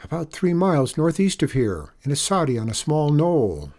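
A man's voice: on the high side, very animated, normal speed, darkish tone, pitched above the performer's own voice. A man reading a story, voicing a young frontier boy who pleads and stammers in a raised voice. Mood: pleading.

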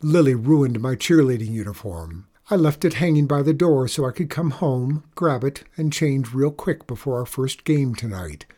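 A man voicing a scornful teenage girl in a spoken story, shrill and accusing. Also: expressive, moderate pace, hardly any pauses, mellow, lightly acted. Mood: indignant. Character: bratty teenage girl, scornful older sister. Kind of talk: audiobook character voice.

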